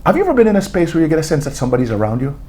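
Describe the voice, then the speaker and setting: A man's voice: on the high side, big pitch swings, very fast, dark tone. A man telling stories as an interview guest, acting out quotes and laughing often. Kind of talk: storytelling interview.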